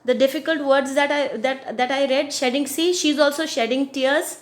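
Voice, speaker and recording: High-voiced woman teaching a storybook. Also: steady tone, moderate pace. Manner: explains words patiently, repeats phrases, checks understanding. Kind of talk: storybook reading with explanations for children.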